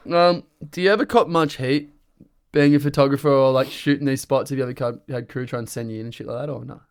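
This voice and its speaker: Fast-talking Australian podcast host. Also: male voice, mid-range voice, fairly even intonation, smooth. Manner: chatty, joking, slangy. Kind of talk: casual chat over a beer.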